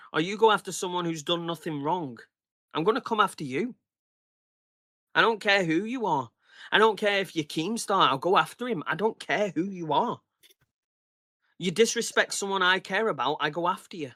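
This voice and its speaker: A man in his thirties rants heatedly and swears freely in a casual podcast chat. His voice sits a little high and sounds bright and forceful. The recording is dry, with no room sound around him. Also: no room sound. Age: 30s. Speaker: podcast guest.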